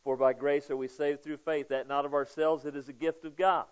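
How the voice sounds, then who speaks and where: A male pastor preaching in a chatty, conversational way, often checking in with his listeners. His voice sits a little higher than most men's, and he swings between loud emphasis and hushed, prayerful asides. The recording sounds dull and lo-fi. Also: flat delivery, brisk. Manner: conversational preaching, with frequent "okay?" checks to the congregation. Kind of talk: sermon.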